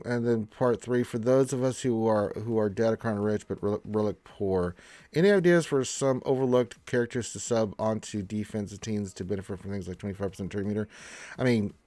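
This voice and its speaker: A man's voice: fairly low pitch, brisk, dark tone, no room sound. A man hosting a live game stream, congested from allergies, chatting in a laid-back, rambling way as he reads viewer comments.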